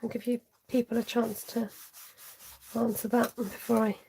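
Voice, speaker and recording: A woman runs a live card-making tutorial from her craft desk, talking to viewers and to herself as she works. Her voice sits slightly high with a gravelly fry, and a faint hiss of noise lies behind it. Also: flat delivery, moderate pace, mellow. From United Kingdom. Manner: chatty, talks to herself while working, with muttered half-whispered asides.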